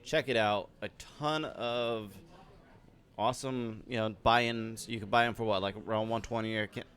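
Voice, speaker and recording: A man's voice: on the low side, steady tone, normal speed, a bit bright. A man co-hosting live poker stream commentary with easygoing, dry remarks.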